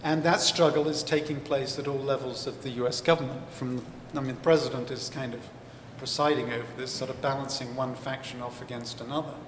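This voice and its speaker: An author and historian, interviewed live on stage at a book festival, explains at length in a thoughtful way, with many fillers and restarts. His medium-pitched voice is steady and brisk, with hardly any pauses. The large hall is echoey with faint ambience and a little hiss or hum.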